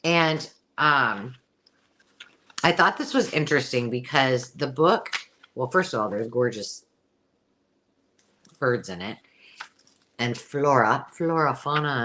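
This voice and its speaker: A woman's voice: rumbling low, pushed and bright. A middle-aged woman hosting a live sale, talking in a rambling, chatty way with frequent ums. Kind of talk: casual live-stream selling chat.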